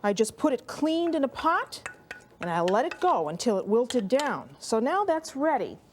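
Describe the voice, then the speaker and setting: Middle-aged lady cooking host, lively up and down voice, a little breathy from rolling dough, faint noise behind. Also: sits high, moderate pace. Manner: chatty, homey step-by-step instruction. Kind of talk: cooking demonstration.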